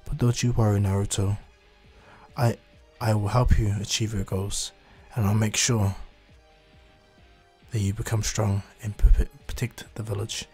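A man voicing a calm young ninja teacher. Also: mid-range voice, normal speed, soft background music, lightly acted. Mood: reassuring.

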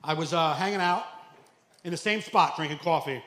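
A man doing a stand-up comedy set, animated and acting out characters with sudden loud outbursts. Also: on the high side, moderate pace. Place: comedy club. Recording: echoey club with faint ambience.

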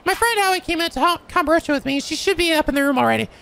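A man doing a high, sweet college girl. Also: expressive, racing, vocal fry, bright, forceful tone, a little hiss or hum, exaggerated voice. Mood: earnest. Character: naive sweet young female college student. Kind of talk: voicing game dialogue.

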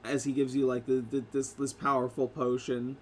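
A man's voice: medium pitch, little pitch movement, moderate pace, a little hiss or hum. A man narrating as game master of a tabletop game, rambling with many fillers and restarts. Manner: rambling, full of "like" and "uh".

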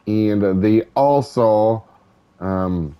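A man hosting a gaming channel, chatting casually over gameplay in a relaxed, rambling way with many ums and uhs. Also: lowish voice, drawn-out words, clear, resonant tone, highs cut off. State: hiccups. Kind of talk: casual let's-play commentary.

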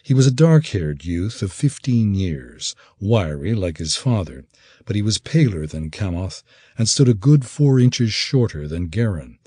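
A man reading an audiobook in expressive, measured scripted narration. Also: on the low side, breathy edge, no room sound, clean studio sound.

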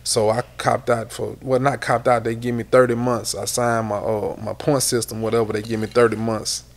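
Middle-aged man, gravelly, animated storyteller, interview guest. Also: mid-range voice, moderate pace. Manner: loose and animated, repeats words.

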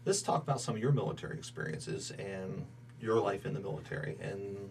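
A soft-spoken male interviewer with a low, gravelly voice guides the conversation in an oral history recording. He sits a little off the mic, with a faint hum underneath. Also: fairly quick, distant mic.

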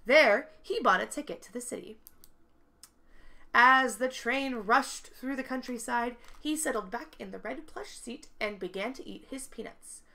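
A woman reading a picture book aloud to children, expressive and stopping to ask the listeners questions. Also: a little high, unhurried, creaky. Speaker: children's story reader.

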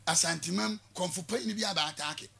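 A Ghanaian prophet being interviewed on the radio, a man with a Ghanaian accent who talks forcefully and repeats words to press his point. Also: high-pitched, fast, gravelly, breathy edge. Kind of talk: radio interview in Twi mixed with English.

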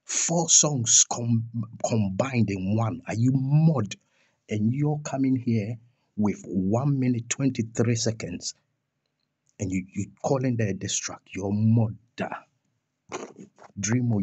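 A man's voice: fairly low pitch, takes it slowly, warm tone, husky, dry recording. A young man ranting in a vlog about a music feud, scornful and firing off rhetorical questions and insults. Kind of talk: heated rant vlog.

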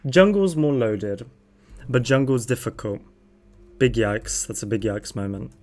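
This is a young adult streaming a game with a friend, chatting loosely and laughing often. The tone is playful and teasing, and the pitch sits squarely mid-range. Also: measured pace, a little mellow. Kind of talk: casual gaming chat.

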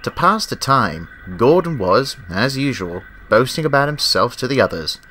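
A man narrating a children's storybook in a steady, measured way. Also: mid-range voice, slight background noise.

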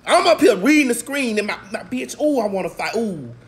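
A woman in a casual, profane vlog rant recapping a movie, swinging between shouts, laughs and low mutters, a little congested. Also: sing-song, brisk, a little hiss or hum. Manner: talks straight to viewers. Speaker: vlog host.

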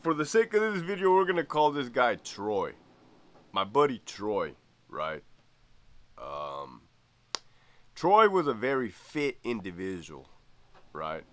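A man's voice: medium pitch, big pitch swings, takes it slowly, long pauses. A man in his forties, a former corrections lieutenant hosting his channel, telling stories in a casual way, chuckling often and asking "right?". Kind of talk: casual storytelling vlog.

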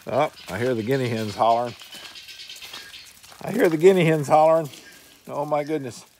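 A man's voice: mid-range voice, normal speed, darkish tone, slight background noise. A man vlogging outdoors in melting snow, talking to his dogs in affectionate baby talk and laughing often. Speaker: vlogger, dog owner.

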